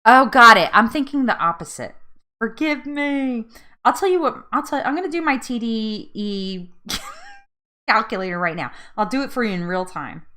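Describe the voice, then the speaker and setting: Chatty woman with a lively voice. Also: a little high, normal speed. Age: 30s. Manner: chatty, laughs often, trips over words. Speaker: host. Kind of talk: casual live chat.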